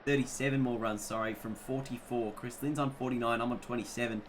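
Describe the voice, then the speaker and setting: A man's voice: medium pitch, fairly even intonation, fairly quick, slight background noise. A young man giving chatty, self-mocking commentary on his own gameplay. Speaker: gaming YouTuber.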